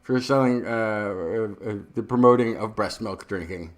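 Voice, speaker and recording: A man's voice: fairly low pitch, normal speed. A man co-hosting a live science podcast, joking in a mock-serious way and repeating himself for laughs. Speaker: podcast co-host. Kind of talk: casual joking banter.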